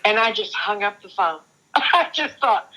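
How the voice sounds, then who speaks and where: On a low-quality recording, an older woman's medium-pitched, sing-song voice has a sharp edge. She's a guest on an interview show, sharing personal testimony with earnest, halting speech full of restarts.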